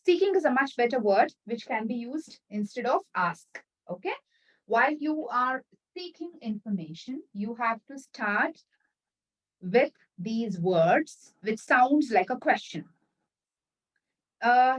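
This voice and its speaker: A woman teaching business English in an online lesson, repeating example sentences slowly and checking that viewers follow. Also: a little high, expressive, far from the mic, low-quality recording. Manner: addresses viewers directly, checks understanding.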